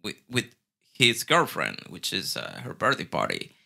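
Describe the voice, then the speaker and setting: A man's voice: on the low side, wildly swooping pitch, moderate pace, gravelly, pushed and bright. A man with a Mexican Spanish accent, a Spanish speaker, telling stories as a guest in a casual way, repeating words and swearing now and then. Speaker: guest bartender. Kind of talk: casual storytelling.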